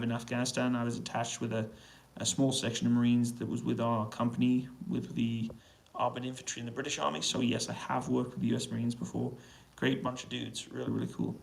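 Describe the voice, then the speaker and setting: A British man in a hotel room, answering viewers' questions on a casual, relaxed live stream and keeping his voice down so he doesn't wake anyone. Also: medium pitch, vocal fry, rough recording. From United Kingdom. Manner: relaxed, quiet voice to avoid waking neighbours. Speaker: livestream host answering chat questions. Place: hotel room on an army base.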